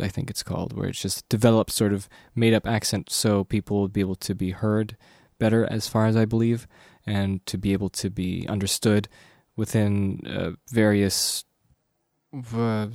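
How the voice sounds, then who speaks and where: A man's voice: lowish voice, gravelly, darkish tone, dry recording, clean studio sound. A young man hosting a podcast, rambling casually and correcting himself with lots of fillers. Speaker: podcast host.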